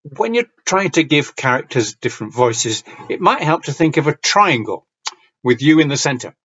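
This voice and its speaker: Man giving a measured talk on reading aloud. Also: a little high, very animated, a bit bright, muffled recording. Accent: Yorkshire. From Yorkshire, northern England. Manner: measured, clear diction, storytelling lilt. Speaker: conference speaker on reading aloud. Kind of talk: lecture with read-aloud examples.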